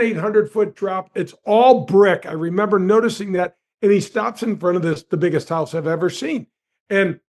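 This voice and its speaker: Man, 60s, ex-golf pro, higher voice, animated storyteller. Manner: lively storyteller with big pitch swings; addresses the host by name often. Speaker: guest, former tour golf pro. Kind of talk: animated anecdote telling.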